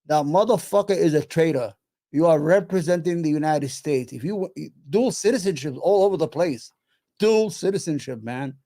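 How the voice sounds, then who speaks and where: A man ranting as host in a rather high voice, blunt and profane; he hammers his points home, swears often, and speaks with relentless, heated conviction. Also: moderate pace, dark tone. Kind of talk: profane reaction commentary.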